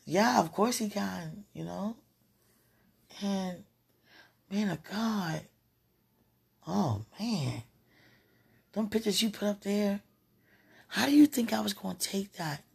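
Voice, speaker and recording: Woman a bit tipsy off wine, breathy voice, giggly and all over the place, just chatting. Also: mid-range voice, a little mellow. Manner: giggly, rambling, self-interrupting. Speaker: live streamer. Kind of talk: casual rambling monologue.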